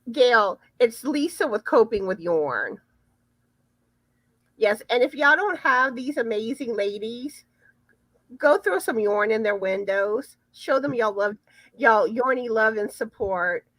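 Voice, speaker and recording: A woman hosts a casual live chat, repeating her first words as she gets going. She talks slowly with a lively, animated lilt, a little higher than most women. The sound is dry and close, with no room behind it. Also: dry recording. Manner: chatty, repeats words when starting sentences. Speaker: livestream host.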